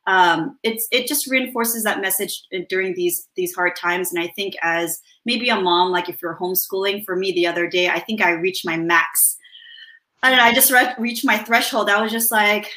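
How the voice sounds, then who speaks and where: A woman's voice: medium pitch, moderate pace, pushed and bright. A mother talking reflectively in casual chat, with many fillers and restarts. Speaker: guest mother.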